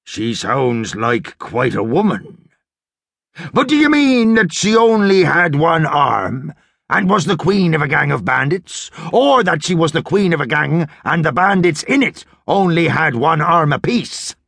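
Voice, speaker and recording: A man voicing a gruff, hungry old pirate captain in an audiobook, with a slow, folksy drawl. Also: a little high, sing-song, fairly bright tone, dry recording, exaggerated voice. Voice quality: gravelly, husky. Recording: dry studio audiobook.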